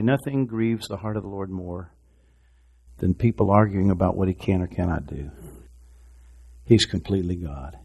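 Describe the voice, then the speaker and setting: Delivering a sermon, this male pastor has a husky voice with vocal fry. He moves between soft, low talk and loud shouting, repeating phrases to drive his points home.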